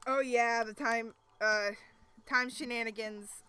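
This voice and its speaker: A woman's voice: on the high side, fairly even intonation, takes it slowly, pushed and bright, clear, resonant tone. A woman streamer reading a webcomic aloud on a casual live stream, chatting and laughing between passages. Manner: chatty, laughs often, asides to chat.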